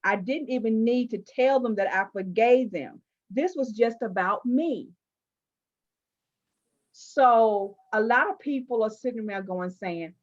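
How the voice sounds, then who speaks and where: A woman interviewing a guest, telling personal stories in an animated, emphatic way with playful asides. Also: on the high side, measured pace, lo-fi sound. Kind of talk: candid conversational interview.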